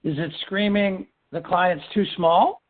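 A man's voice: high-pitched, unhurried. A man leading a business team meeting, coaching with rhetorical questions and many restarts. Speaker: firm leader running a team meeting. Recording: tinny phone-line sound.

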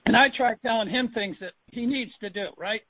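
A man's voice: high voice, a little fast, slight background noise. A man coaching his trainees on a call, stressing points by repeating them. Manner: emphatic, repeats himself for stress. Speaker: sales coach. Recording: phone line, dry.

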